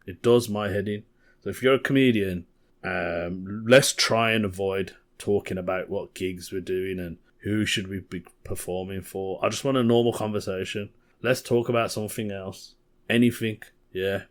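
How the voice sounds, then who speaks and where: A young comedian talking through a solo podcast in a loose, rambling way, often chuckling at his own stories. His voice sits a little on the low side. He sounds casual and unscripted. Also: fairly even intonation, normal speed.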